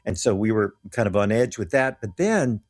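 Fairly low in pitch with a darkish tone, this man's voice has lively intonation and a moderate pace. He's a guest telling earnest, animated personal stories of mission trips, acting out the voices of the people he quotes.

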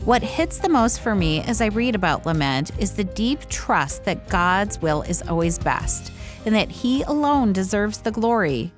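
Calm woman hosting a faith podcast. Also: mid-range voice, no echo. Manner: calm, measured, reading scripture slowly. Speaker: host. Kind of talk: scripted devotional podcast narration.

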